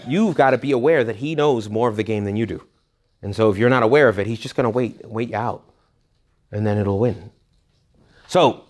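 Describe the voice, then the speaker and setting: A man's voice: mid-range voice, a little mellow. Male retreat speaker, informal and joking, keeps checking in with his audience, mid-range voice. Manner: conversational, joking asides, frequent check-ins with listeners. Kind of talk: informal talk to young adults. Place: retreat hall.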